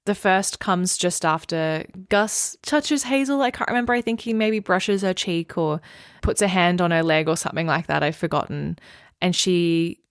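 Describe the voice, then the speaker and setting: A woman's voice: fairly low pitch, normal speed, clean tone, no room sound, clean studio sound. A woman co-hosting a book podcast, talking earnestly and reading passages aloud. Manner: earnest, reads quoted passages softly. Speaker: podcast co-host. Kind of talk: casual book discussion with read-aloud passages.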